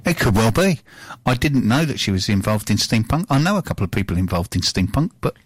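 A man's voice: lowish voice, sing-song, fast talker, breathy edge. Chatty male radio host. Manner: chatty, self-mocking, stumbles and laughs easily. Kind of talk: casual studio banter, reading listener shout-outs. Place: radio studio.

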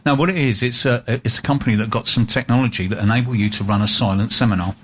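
A man's voice: medium pitch, fast talker, fairly bright tone. A man with a Cockney accent co-hosting a radio show, chatting and telling jokey stories. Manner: jokey, storytelling. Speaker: radio co-host. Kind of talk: casual radio chat.

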